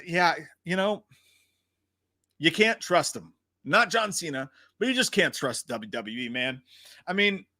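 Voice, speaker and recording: A man hosts a casual livestream, swearing freely as he tells his stories with a lively, swooping pitch. His voice sits at an ordinary middle height. The sound is close and dry, with no room echo. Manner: profane, animated storytelling; answers chat comments. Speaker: host.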